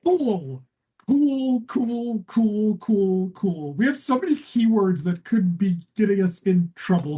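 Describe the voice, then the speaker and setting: Sardonic swearing woman podcast host. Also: breathy edge. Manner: sardonic, swears freely, lively jumps in pitch. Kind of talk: casual comedic chat.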